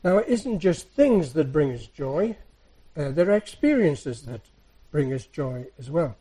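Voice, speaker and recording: A man giving a sermon, a soft-spoken, rambling storyteller who retells everyday encounters. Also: a little high, sing-song, unhurried, slightly rough, poor audio. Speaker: church speaker. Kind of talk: anecdotal sermon.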